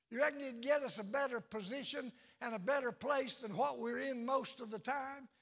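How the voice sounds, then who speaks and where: A man preaching a sermon, shouting and chanting phrases in a slow, drawn-out, impassioned way. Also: very high voice. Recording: echoey hall.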